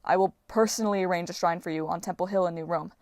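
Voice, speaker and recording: A woman's voice: on the low side, fairly even intonation, fast talker, darkish tone, no room sound, studio quality, lightly acted. A woman reading an audiobook voices a young male demigod hero who talks earnestly and persuasively.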